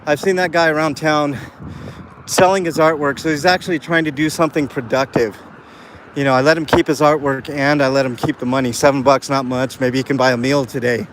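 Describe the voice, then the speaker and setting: Faint traffic and street noise surround this live streamer as he walks through the city talking to his chat. His medium-pitched voice stays fairly even and brisk while he rambles earnestly, using plenty of fillers.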